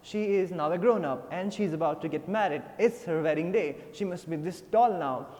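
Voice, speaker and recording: Reading a textbook story to his English class and then restating it with lots of fillers, a man with an Indian English accent talks fairly quickly. His voice sits on the high side with a darkish tone. Long reverb colors the recording.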